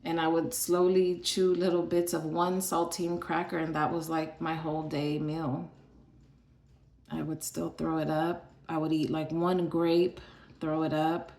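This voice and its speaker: A woman's voice: deep voice, level tone, a little slow, darkish tone, echoey room. A woman from Arizona telling her own story in a casual, chatty way, full of fillers and the odd sigh. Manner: chatty, filler-heavy, sighs between thoughts. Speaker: vlogger sharing her illness story.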